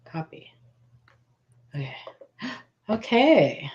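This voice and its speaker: A woman hosting a casual live stream, giggly and excitable, greeting viewers by name. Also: fairly low pitch, drawn-out words, highs cut off.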